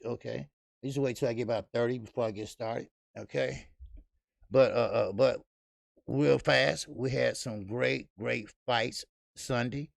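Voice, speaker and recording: A man's voice: fairly high pitch, gravelly, fairly bright tone, no room sound, studio quality. A man hosting a live boxing stream, greeting viewers and ranting casually with lots of fillers and profanity. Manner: loose, profane, rambling with many fillers. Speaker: boxing channel host.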